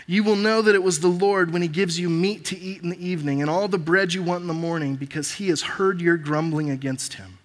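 A man preaching a sermon as pastor and reading scripture aloud with pauses. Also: a little high, fairly bright tone. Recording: long reverb of a large hall.

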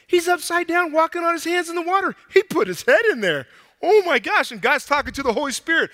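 A man preaching a casual, animated sermon to a young crowd, out of breath, acting out bits of dialogue in slang. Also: extremely high pitch, fairly quick, in a large hall.

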